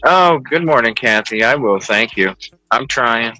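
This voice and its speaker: A man hosting a livestream from his car in heavy rain, chatting in a relaxed, rambling way. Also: medium pitch, a little slow, no room sound, faint music behind, rough recording. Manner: relaxed, rambling, thinks aloud. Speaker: livestream host. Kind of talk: casual chat while driving.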